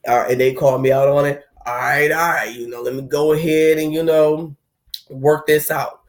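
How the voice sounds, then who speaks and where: A man's voice: a little high, level tone, normal speed. A young man hosting a spiritual talk on heartbreak, speaking loosely and conversationally and acting out the inner voices of people going through it. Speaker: spiritual video host. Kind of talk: casual spoken talk on heartbreak.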